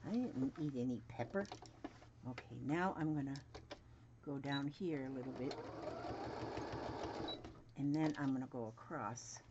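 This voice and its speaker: A woman's voice: a bass voice, unhurried, pauses often. A woman in her seventies chatting casually and muttering to herself while she sews at home. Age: 70s. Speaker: crafting vlogger. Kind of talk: casual sewing demonstration. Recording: dull lo-fi home recording, faint noise.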